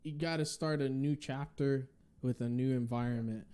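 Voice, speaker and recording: Upbeat man hosting a podcast, mellow voice. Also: mid-range voice, steady tone, moderate pace, clear, resonant tone. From Northeastern US. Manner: enthusiastic, gives blessings, many fillers. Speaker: podcast host. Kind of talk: casual interview chat.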